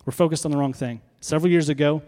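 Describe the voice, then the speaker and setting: A fairly high-voiced man preaches in a relaxed, talky way, tossing questions out to his listeners. His voice rings with the long reverb of a large hall. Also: rapid-fire. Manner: conversational preaching with rhetorical questions to the congregation. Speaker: pastor. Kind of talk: sermon.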